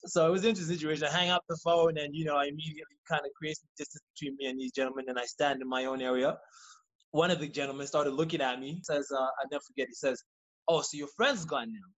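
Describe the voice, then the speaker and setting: A man, a podcast guest, telling a story in casual, profane, animated fashion and acting out what people said. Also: a little high, highs cut off. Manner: rapid, animated, profane, acts out quoted lines.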